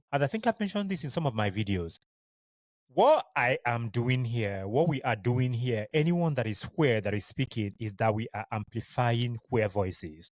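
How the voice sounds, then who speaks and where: A native Igbo speaker with a Nigerian accent hosts a solo podcast in a medium-pitched voice with no room sound. He's earnest and heartfelt, speaking tenderly to his listeners.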